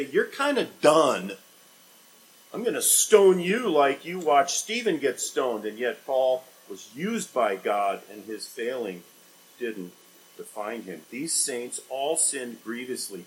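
A male pastor delivering a sermon with a voice of middle pitch. He moves between loud, rising emphasis and hushed, low passages, and asks the congregation questions. A faint hiss of noise sits under the voice. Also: low-quality recording. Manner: dynamic preaching with sharp swings in loudness and pitch, rhetorical questions.

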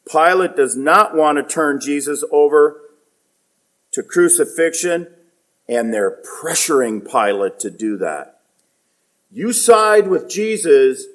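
A man preaching a sermon, reading scripture aloud and explaining it, swinging from loud emphasis to quiet, low delivery.

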